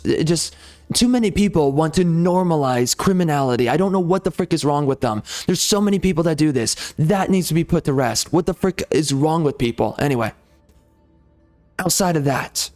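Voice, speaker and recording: Guy going off on a heated profane rant over a game, kinda high voice, quiet music in the back. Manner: heated, profane, repetitive ranting. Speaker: gaming channel host. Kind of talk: ranting commentary over gameplay.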